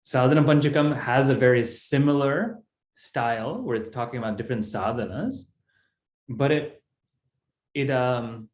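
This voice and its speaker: A man's voice: medium pitch, moderate pace, a little mellow, reverberant. A man teaching a Sanskrit text in an online class, explaining step by step in a patient way.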